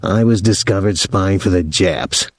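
A man voicing a defiant teenage boy who answers with calm, mocking sarcasm. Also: lowish voice, unhurried, vocal fry, no echo. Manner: mocking, placid, dry sarcasm.

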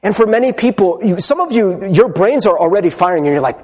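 A male pastor delivers a casual, conversational sermon. His voice sits high and swings widely in pitch. He keeps asking the congregation "right?" as he goes. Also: animated, quick pace, hardly any pauses, a little mellow. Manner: conversational, asks "right?" often.

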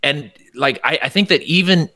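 A man's voice: fairly high pitch, moderate pace, bright, forceful tone, dry recording, studio quality. A man from the United States, a podcast guest, giving rambling, opinionated takes in casual political chat, with many restarts.

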